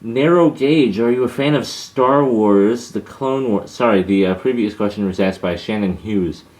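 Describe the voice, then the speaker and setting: A man's voice: fairly low pitch, moderate pace, a little mellow. A young man answering viewer questions in a casual, hesitant monologue, with many fillers and restarts.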